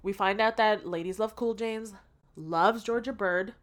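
A woman's voice: mid-range voice, a little slow. A woman co-hosting a podcast, retelling movie scenes in amused, casual chat with some swearing. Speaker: podcast co-host.

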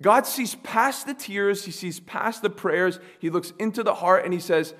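A man with a fairly high voice preaches a sermon. He asks the congregation questions and waits for their answers. He moves from soft, low asides to loud, emphatic declarations. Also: moderate pace, few pauses. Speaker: pastor.

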